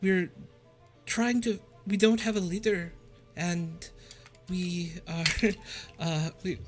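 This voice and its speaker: A man's voice: high voice, little pitch movement, slow pace, faint music behind, pitched above the performer's own voice. A man voicing a worried female lizardfolk tribal leader with a put-on Irish accent, hesitant and stammering.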